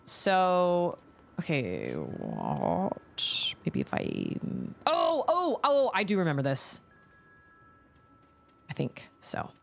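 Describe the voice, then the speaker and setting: A woman's voice: lowish voice, gravelly. A woman in her thirties, a streamer casually telling a long story while playing a game, rambling and self-conscious with many restarts.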